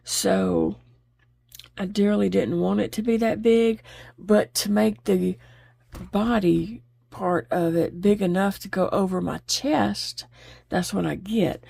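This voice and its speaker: Gravelly woman chatting. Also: mid-range voice, steady tone, takes it slowly, dark tone, dry recording. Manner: chatty and open, laughs easily. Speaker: crochet vlogger. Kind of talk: casual chat while crocheting.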